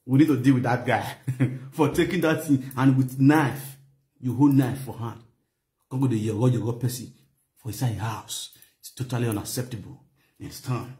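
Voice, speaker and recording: A man's voice: mid-range voice, fairly even intonation, normal speed, mellow. A man with a Nigerian accent hosting a casual online show, chatty and often checking that his listeners follow him. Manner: chatty, keeps asking "you understand?", laughs often. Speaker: YouTube host. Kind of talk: casual live commentary. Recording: echoey room.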